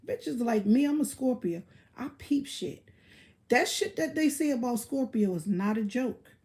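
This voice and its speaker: A woman talks straight to her livestream viewers in a blunt, boastful rant. Her voice sits a little high. She speaks slowly and deliberately and swears freely as she holds forth. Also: big pitch swings, a little mellow. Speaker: livestream host.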